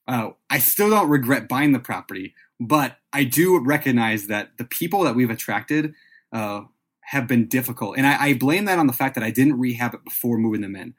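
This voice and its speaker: Husky-voiced podcast host. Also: male voice, medium pitch, animated, normal speed. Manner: rambling, self-interrupting, laughs often. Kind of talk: casual podcast chat.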